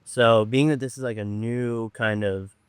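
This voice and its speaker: A man's voice: medium pitch, fairly even intonation, a little slow, smooth, dry recording. A man from Orange County who runs a treatment program, telling a story in a rambling, laid-back way full of fillers. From Orange County, California. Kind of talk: casual storytelling on a podcast.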